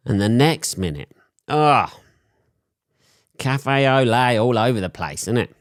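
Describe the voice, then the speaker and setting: A man's voice: mid-range voice, expressive, takes it slowly, long pauses, no room sound, clean studio sound. A man with a sore throat from a cold, hosting a solo podcast and rambling in crude, profane jokes. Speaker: podcast host.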